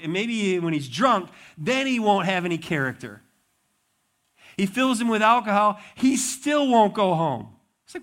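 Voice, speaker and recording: Male pastor, sermon, lively storyteller who acts out dialogue, voice sits a little high. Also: a little slow. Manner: animated storytelling with acted-out dialogue.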